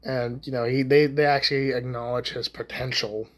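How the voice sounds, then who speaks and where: A man's voice: mid-range voice, flat delivery, moderate pace, a bit bright. Man, casual vlog ranter, foul-mouthed and rambling, mid-range voice. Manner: profane, rambling, with many restarts and fillers. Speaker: YouTube ranter. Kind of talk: casual rant to camera.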